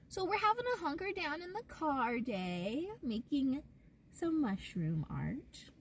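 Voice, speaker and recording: A woman's voice: on the high side, a little mellow, far from the mic, slight background noise. A woman live streaming from inside a parked car, chatting casually and rambling with lots of "like". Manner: chatty and rambling, heavy use of "like".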